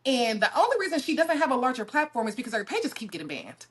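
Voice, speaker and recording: Higher pitched woman on a podcast, chatty and animated, goes on and on explaining stuff. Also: quick pace. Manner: animated, talks through theories at length. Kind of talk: casual podcast chat.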